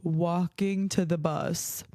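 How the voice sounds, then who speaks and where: A woman's voice: on the low side, steady tone, slow pace, mellow, dry recording, studio quality. A young adult woman hosting a podcast, telling stories casually, swearing freely and leaning on "like" as she talks. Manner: chatty, swears freely, heavy use of "like". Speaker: podcast host. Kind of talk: casual storytelling.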